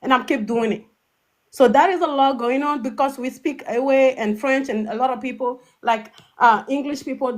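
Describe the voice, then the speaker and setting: A woman from Togo, calling in to a live show and speaking with deep emotion, often repeating and restarting her words. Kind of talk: impassioned call-in testimony.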